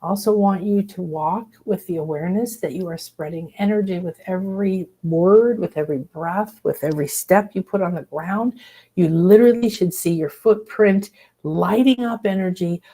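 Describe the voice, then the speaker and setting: A woman hosting a spiritual workshop, talking in a casual, enthusiastic, expressive way and acting out little voices as she teaches. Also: fairly low pitch, normal speed. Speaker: host leading a spiritual workshop.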